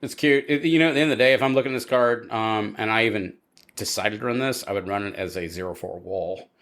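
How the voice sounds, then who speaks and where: A man's voice: lowish voice, fairly bright tone, a little hiss or hum. A man co-hosting a podcast, giving opinionated takes on cards and reading their text aloud. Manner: opinionated, reads card text with pauses. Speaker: podcast co-host. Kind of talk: casual podcast chat.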